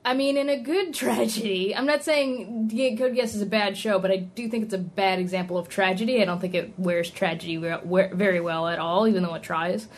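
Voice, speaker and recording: A woman's voice: mid-range voice, fairly even intonation, brisk, hardly any pauses. A woman discussing an anime in a casual chat, analytical and wry, laughing often.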